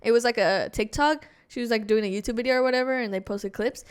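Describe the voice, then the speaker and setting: A woman's voice: fairly high pitch, fast talker, clear, resonant tone. A young woman from California co-hosting a casual podcast, talking in slang, laughing often and swearing freely. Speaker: podcast co-host. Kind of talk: casual chat.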